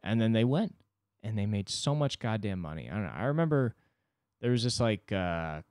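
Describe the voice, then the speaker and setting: A man's voice: on the low side, sing-song, normal speed, darkish tone, smooth, dry recording, clean studio sound. A man hosting a solo podcast, ranting casually and profanely at a microphone. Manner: casual, profane, rambling rant. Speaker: podcast host. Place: indoors, mowing heard outside.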